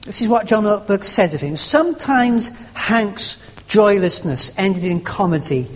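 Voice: mid-range voice, in a large hall, poor audio. A preacher giving a sermon, stressing phrases by repeating them, with some hesitant restarts. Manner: emphatic, repeating phrases and stressing words in turn.

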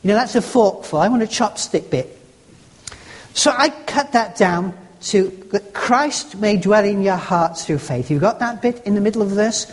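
Preacher, lively pitch, long hall echo. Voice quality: homely, conversational, musing aloud with restarts. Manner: rereads a verse slowly, stressing a new word each time. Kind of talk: devotional teaching talk. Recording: long reverb of a large hall.

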